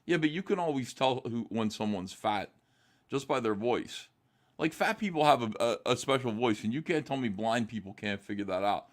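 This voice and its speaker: A man's voice: medium pitch, animated, moderate pace. Joking man on a video call. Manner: joking, provocative, rambling with restarts. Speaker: guest. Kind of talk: casual chat.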